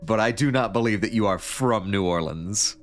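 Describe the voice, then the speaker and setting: A man's voice: fairly low pitch, normal speed, faint music behind. A man livestreaming a story game, reading it aloud and joking along in a rambling, casual way. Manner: joking, rambling, with frequent laughs. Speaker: streamer.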